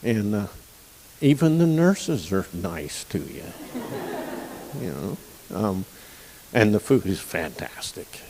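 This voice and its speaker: An older man, a guide dog client, giving an emotional, folksy graduation speech with pauses and throat-clearing. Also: fairly low pitch, animated, mellow, in a large hall, a little hiss or hum, poor audio. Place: outdoor campus stage with audience.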